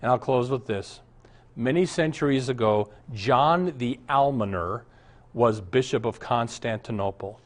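A man's voice: medium pitch, measured pace. A male pastor preaching a sermon and then answering Bible questions in an earnest, storytelling way. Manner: earnest, storytelling, chuckles often.

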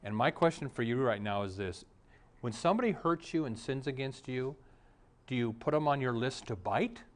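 A man's voice: mid-range voice, normal speed. A middle-aged male pastor preaching a sermon, telling stories and briefly acting out the voices of the people in them. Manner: storytelling preacher, acts out quoted voices.

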